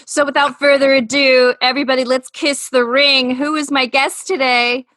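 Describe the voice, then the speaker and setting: A woman's voice: sits high, little pitch movement, normal speed, a bit bright, no echo. A woman hosting an interview podcast, upbeat and teasing as she introduces her guest. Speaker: host. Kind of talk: casual interview chat.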